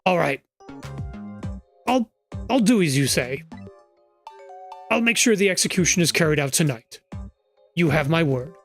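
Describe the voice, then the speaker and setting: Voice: mid-range voice, lively intonation, measured pace, pauses often, a bit bright, soft background music. A streamer voicing a frightened male government minister who stammers and pleads anxiously. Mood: defeated. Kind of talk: reading game dialogue aloud.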